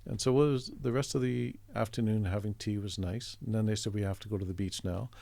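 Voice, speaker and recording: A middle-aged man from Canada with a low, gravelly voice and a warm, dark tone spins a relaxed anecdote. He slips into the voices of the people in his story and chuckles as he goes. The sound is dry and close. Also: fast talker, no echo. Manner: chatty, acts out quoted voices, chuckles often. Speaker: artist guest telling a story.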